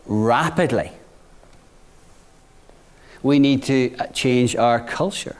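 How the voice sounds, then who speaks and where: A middle-aged man giving a business talk to new graduates, conversational, often checking in with "right?" and dropping quiet for anecdotes. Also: mid-range voice, takes it slowly, pauses often. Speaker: bank executive speaking to graduates.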